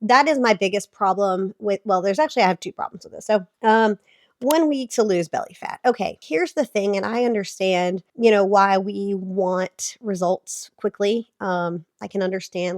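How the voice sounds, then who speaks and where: A woman's voice: medium pitch, moderate pace, darkish tone, no echo, clean studio sound. A woman in her thirties, talking with a sick voice, gives chatty reaction commentary on fitness advice as a vlogger. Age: 30s. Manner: chatty, explanatory, filler-heavy.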